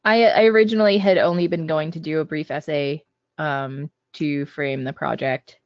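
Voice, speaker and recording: A man, a game designer guest on a podcast, talking in a measured way with frequent ums. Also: fairly high pitch, steady tone, dry recording. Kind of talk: casual podcast chat. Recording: dull, dry lo-fi audio.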